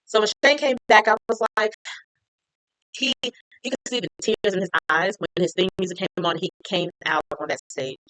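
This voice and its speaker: A woman's voice: medium pitch, moderate pace, fairly bright tone, no echo, rough recording. A woman chatting casually as she recaps a TV episode, retelling scenes with lots of "like". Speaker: TV recap reviewer.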